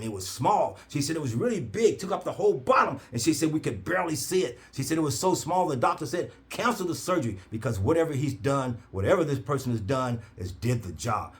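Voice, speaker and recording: A man telling an animated story, his pitch rising and falling widely. He speaks in a repetitive, preacher-like cadence. He acts out the other people in his story with sudden high, loud bursts. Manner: acts out quoted voices with big pitch jumps. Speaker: herbal oil seller.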